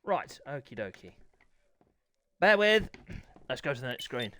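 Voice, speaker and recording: Chatty racing commentator, lively. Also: male voice, mid-range voice, unhurried, no room sound. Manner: chatty, banters with chat, clears throat often. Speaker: sim racing commentator and stream host. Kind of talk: live stream race commentary.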